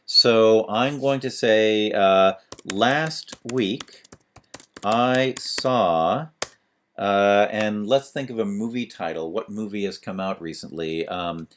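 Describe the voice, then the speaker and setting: Low-voiced man teaching web pages. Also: takes it slowly. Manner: talks through each step as he types, with fillers. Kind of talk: screencast tutorial.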